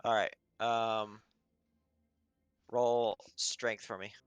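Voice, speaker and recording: A man narrating and running a tabletop game as game master, unhurried and hesitant with fillers. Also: on the low side, little pitch movement, clear, resonant tone, no echo.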